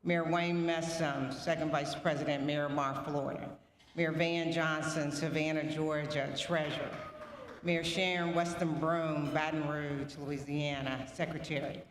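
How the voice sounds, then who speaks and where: A woman announcing a board of trustees, reading names and titles in a steady, measured roll call. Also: sits low. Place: large banquet hall. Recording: echoey hall with long reverb and faint noise.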